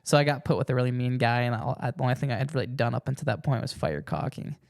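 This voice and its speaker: A man's voice: mid-range voice, very fast, gravelly. A young man hosting a casual podcast chat, rambling with restarts and acting out quoted lines. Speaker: podcast host.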